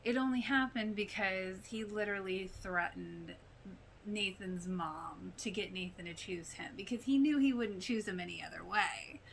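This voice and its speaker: A woman hosting a casual reaction podcast, talking in a chatty, animated way with exclamations and quoted lines. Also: mid-range voice, normal speed, gravelly, slight background noise, poor audio. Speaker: podcast host reacting to a TV show.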